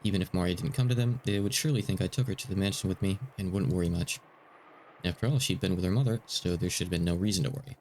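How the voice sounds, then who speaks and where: A man's voice: deep voice, fast, a little mellow, a little hiss or hum. A male streamer reading a visual novel aloud, with casual asides between the narration.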